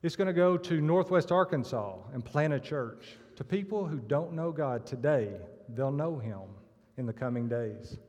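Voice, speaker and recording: A man speaks from the front of a church, telling stories and acting out their punchlines. His voice sits a little high for a man. The sound carries a long reverb from the hall. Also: animated, normal speed, a little mellow. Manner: storytelling with acted punchlines. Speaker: church member giving testimony. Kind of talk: sermon-style church talk. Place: church sanctuary.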